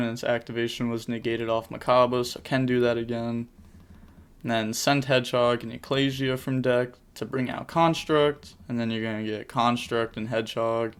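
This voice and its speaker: A young adult man casually commentating card game replays, rattling off plays in quick bursts with jokey asides. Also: medium pitch, clean tone.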